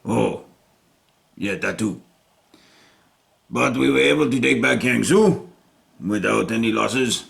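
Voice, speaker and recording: A man's voice: mid-range voice, lively intonation, slow, gravelly, pauses often, a bit bright, full character voice. A man voicing a cocky Japanese emperor with a put-on Japanese accent, formal and stilted. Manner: formal, stilted, pleased with himself.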